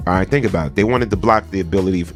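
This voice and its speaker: A male host with a low voice drives his points home on a call-in show. He builds each argument step by step with firm emphasis. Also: very fast, faint music behind. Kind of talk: call-in radio talk.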